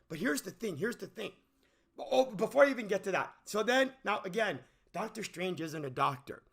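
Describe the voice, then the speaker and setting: A man with a high, gravelly voice rants about a movie off the cuff. He sounds bright and edgy as he rambles, stammers and restarts, and he keeps asking incredulous questions. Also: lively intonation, fairly quick. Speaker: movie commentary channel host. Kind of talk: unscripted movie rant.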